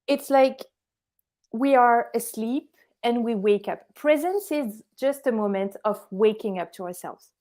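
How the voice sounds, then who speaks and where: Woman calmly teaching presence. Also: on the high side, unhurried. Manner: calm, instructive, gives everyday examples. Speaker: meditation teacher, guest. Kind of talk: explanatory conversation.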